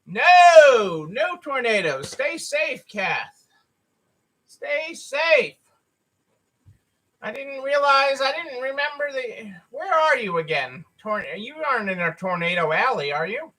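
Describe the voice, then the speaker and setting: Tired male live-stream host, very high voice, chatty and repetitive. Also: big pitch swings, slow, fairly bright tone, low-quality recording. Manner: chatty, repetitive, greets viewers by name. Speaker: store owner hosting a live stream. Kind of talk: casual live-stream chat.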